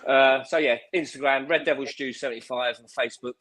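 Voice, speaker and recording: A panelist with a middle-pitched voice who jokes around in a relaxed, easy way. He sounds at home in a casual live-stream chat. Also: a little fast, a crowd in the background. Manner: relaxed and jokey. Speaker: panelist on a fan show.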